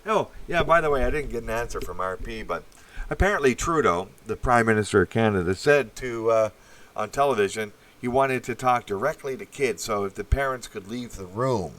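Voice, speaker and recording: A man's voice: medium pitch, animated, brisk, a bit bright. A man giving a blunt, profane, meandering opinion monologue full of fillers. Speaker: channel host.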